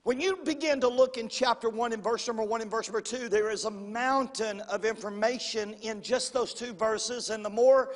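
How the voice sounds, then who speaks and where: Pastor guy, pretty high voice, folksy sermon, big reverby church hall. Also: fairly even intonation, normal speed, few pauses. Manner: folksy, repeats phrases, calls for responses. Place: church sanctuary.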